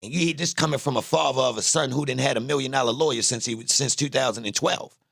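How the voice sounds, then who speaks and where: Gravelly man giving heated commentary. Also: medium pitch, fast, fairly bright tone, dry recording, clean studio sound. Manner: profane, blunt and emphatic, repeats phrases. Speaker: commentator reacting to a clip.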